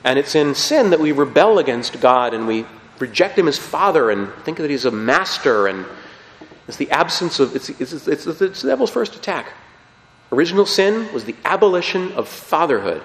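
A man preaching a sermon with emphatic, animated delivery, often checking in with his listeners. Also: on the high side, moderate pace. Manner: animated, emphatic, frequent "okay?" check-ins. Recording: roomy hall with long reverb.

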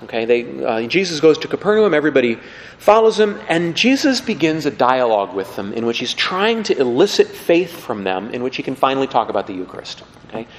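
A man preaching a lively, conversational sermon, acting out the people he quotes. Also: mid-range voice, brisk. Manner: animated, conversational, acts out quotes. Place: church. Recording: long hall reverb.

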